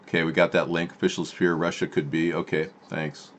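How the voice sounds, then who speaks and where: A man's voice: sits low, flat delivery, fairly quick, a little hiss or hum. A man hosting a political live stream from home, rambling with sarcastic asides and answering chat.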